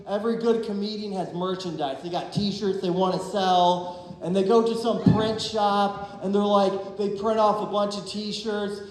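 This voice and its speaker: Man, 30s, from Ohio, stand-up comedian, deadpan, high-pitched, heavy room echo. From Ohio, USA. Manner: deadpan, self-deprecating punchlines with quick put-on voices. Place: comedy club stage. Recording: very roomy, long reverb of a club.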